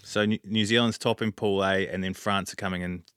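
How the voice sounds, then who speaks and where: Man, low voice, brisk podcast moderator, dry mic. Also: fairly even intonation, fairly bright tone, clean tone, dry recording. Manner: brisk, steers the talk with questions. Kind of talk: casual sports chat.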